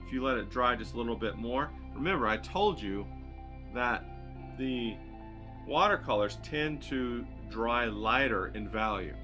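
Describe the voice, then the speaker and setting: A man's voice: medium pitch, moderate pace, over music. A man teaching a watercolor painting demo, chatting and thinking aloud as he paints. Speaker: watercolor instructor.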